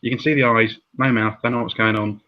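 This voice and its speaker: A man's voice: medium pitch, fairly even intonation, quick pace. A man hosting a casual chat about comics, chatty with laughing asides. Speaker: host. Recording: dull lo-fi sound.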